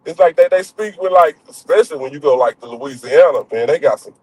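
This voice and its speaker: A man's voice: on the high side, expressive, brisk, darkish tone, low-quality recording. A young man, chatting and joking loosely, full of slang and fillers. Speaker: streamer. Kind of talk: casual storytelling chat.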